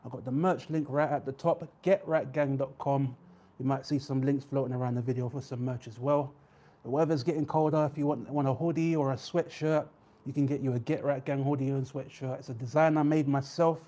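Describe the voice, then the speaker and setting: A young man hosting a live weigh-in stream, chatting casually with viewers and reading out their names with drawn-out shout-outs. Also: mid-range voice, fairly even intonation. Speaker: livestream host.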